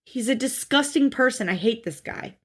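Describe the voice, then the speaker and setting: A woman's voice: a little high, expressive, normal speed, breathy edge. A woman co-hosting a podcast, recapping a reality show in casual chat and bluntly swearing at the people in it. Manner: blunt, swears freely, acts out quotes in mocking voices. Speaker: podcast co-host.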